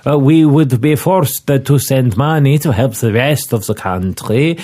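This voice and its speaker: A man voicing a pompous male Italian police inspector in a put-on Italian accent, speaking slowly and haltingly with many pauses. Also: mid-range voice, darkish tone, natural voice. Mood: grave. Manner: slow, halting, full of uh pauses.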